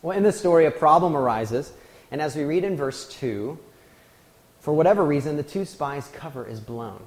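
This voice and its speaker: A man's voice: a little high, animated, moderate pace. A man preaching a sermon, telling a personal story in a conversational, self-deprecating way. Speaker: pastor. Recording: long hall reverb.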